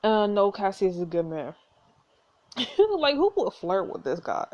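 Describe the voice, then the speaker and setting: A woman's voice: medium pitch, very animated, a little slow, a little mellow, highs cut off. Giggly woman narrating a story game. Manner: giggly, chatty asides between reading. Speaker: gameplay video host. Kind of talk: casual gameplay commentary with narration.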